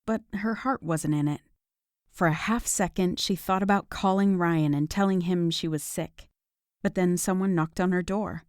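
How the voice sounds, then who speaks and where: A woman narrating a romance audiobook in a measured, even reading. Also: lowish voice, no room sound, clean studio sound. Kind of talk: scripted narration.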